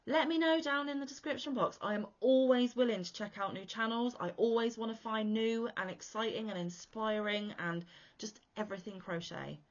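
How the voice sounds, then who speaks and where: A woman's voice: a little high, normal speed, dull audio. A British woman hosting a crochet podcast, talking in a chatty, enthusiastic, rambling way. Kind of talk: casual chat.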